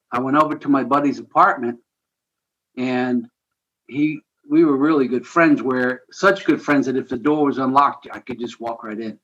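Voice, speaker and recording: Man, podcast guest, earnest storytelling, conversational, middle pitch, muffled lo-fi sound. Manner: earnest, conversational, animated retelling with chuckles. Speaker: guest, ministry founder. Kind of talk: personal storytelling in a podcast interview.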